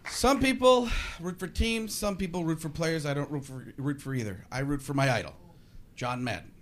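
On a live stage, a man does stand-up comedy, ranting and slipping into character voices. His voice is a little high and moderately paced, with heavy background noise from the laughing audience.

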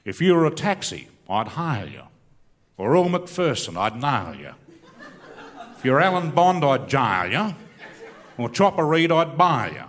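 A middle-aged Australian comedian tells his story in a rambling, laconic way, his pitch rising and falling freely. He recites comic bush poetry for laughs. His voice rings out with a long hall reverb. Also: big pitch swings, measured pace, long pauses, a bit bright. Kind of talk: stand-up comedy with recited poem.

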